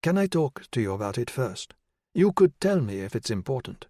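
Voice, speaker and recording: A male audiobook narrator voicing a nervous woman psychiatrist in her late forties, speaking in a hesitant, measured way. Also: medium pitch, big pitch swings, darkish tone, no room sound, clean studio sound. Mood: guarded.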